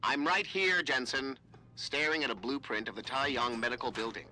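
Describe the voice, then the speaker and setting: Brief: snide, dry game hacker with a very bright edge and faint hiss behind. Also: male voice, mid-range voice, moderate pace. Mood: sarcastic. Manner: sarcastic, dry. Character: sarcastic male tech specialist on comms.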